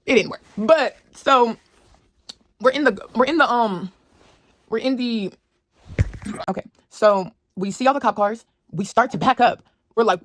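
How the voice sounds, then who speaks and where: A young woman casually telling a wild personal story to her viewers, animated and slangy. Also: fairly high pitch, unhurried, pauses often, no echo. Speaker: storyteller vlogger.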